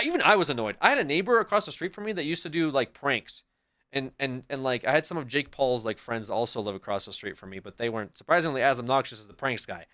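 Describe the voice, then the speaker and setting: A man livestreaming and chatting casually with his viewers in a rambling, profane, animated way. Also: mid-range voice.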